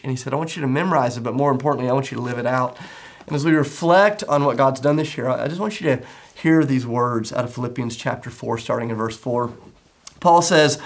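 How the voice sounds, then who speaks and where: A middle-aged man preaches to his congregation with a gravelly, mid-range voice. His delivery is earnest and conversational, and he leans on repeated phrases for emphasis. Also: medium pitch. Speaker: pastor. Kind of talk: sermon.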